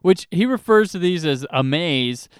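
A man's voice: fairly high pitch, expressive, measured pace, clean tone, no room sound, clean studio sound. A man casually recapping a film's plot as a podcast co-host, with wry asides. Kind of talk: casual movie recap chat.

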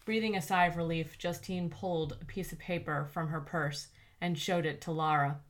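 Woman audiobook narrator, low-middle pitch, even and measured delivery.

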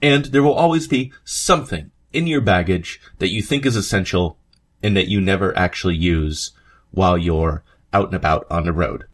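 A man's voice: low voice, moderate pace. A man hosting a podcast, narrating a history episode in a conversational way, with asides and fillers. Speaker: podcast host. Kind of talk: scripted history narration with read quotes.

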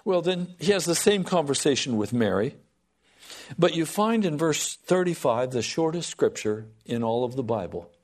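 A man preaching a sermon to a congregation, swinging from loud pleading to soft, hushed lines. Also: fairly high pitch, animated, moderate pace.

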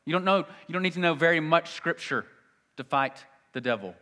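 Male pastor, sermon delivery, bright forceful tone, swings from loud to hushed, long hall reverb. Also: a little high, brisk. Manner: conversational, shifting between loud emphasis and quiet asides.

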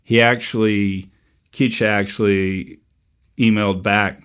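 A middle-aged man hosting a podcast, telling a story in a wry, deadpan way. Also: on the low side, a little slow. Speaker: podcast host. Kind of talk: storytelling monologue.

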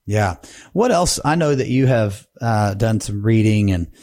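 A man co-hosting a podcast about preaching, talking in a relaxed, conversational way. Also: fairly low pitch, unhurried, no echo, clean studio sound. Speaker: podcast co-host.

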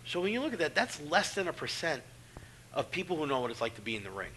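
Man, middle-aged, pro wrestler, casual storytelling, profane, animated, very bright, swooping pitch. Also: fast talker, slight background noise. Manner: profane, animated, acts out voices. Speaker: guest, professional wrestler.

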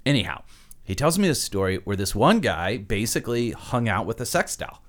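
A man's voice: fairly low pitch, moderate pace. A man co-hosting a podcast, chatting casually and telling an anecdote with laughs at the punchlines. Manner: animated, laughs through punchlines. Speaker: podcast co-host. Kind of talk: casual chat, storytelling.

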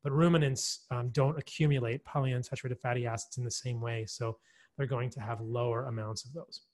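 A man's voice: medium pitch, fairly even intonation, brisk, darkish tone. A man who is a guest expert on a podcast, explaining at length in an enthusiastic, chatty way. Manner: enthusiastic, explanatory, with frequent fillers and laughs. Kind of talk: conversational podcast interview.

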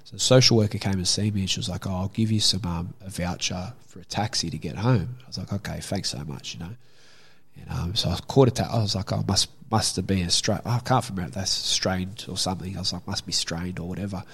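A man's voice: low voice, fast, vocal fry, a bit bright, slightly rough. A young Australian man telling a story from his own life in a casual, candid way, swearing freely. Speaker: guest.

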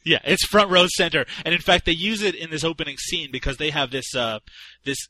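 A man's voice: a little high, brisk, sharp tone, no room sound, poor audio. A man co-hosting a casual film review chat, laughing often and swearing freely. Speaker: podcast co-host.

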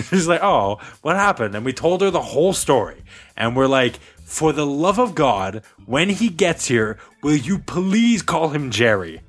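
A man's voice: a little high, big pitch swings, unhurried, fairly bright tone. A man co-hosting a podcast, telling a story in casual chat and laughing often. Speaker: podcast co-host.

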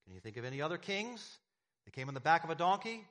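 A man's voice: a little high, sing-song, fast talker, fairly bright tone. A man preaching a sermon as pastor, emphatic, with repeated phrases and rhetorical questions to the congregation.

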